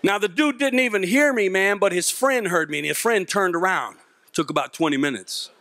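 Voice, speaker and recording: A man with a fairly high speaking voice tells a comic story on stage to a live audience. He is animated and self-mocking, and he acts out the voices of the people in his tale. The sound is dry and close. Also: fairly quick, dry recording. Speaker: youth mentor and speaker.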